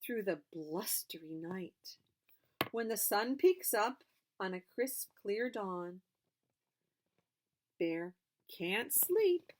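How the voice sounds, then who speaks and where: A woman reading a picture book aloud to children, animated, pausing to explain words and ask questions. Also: mid-range voice. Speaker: storybook reader for children.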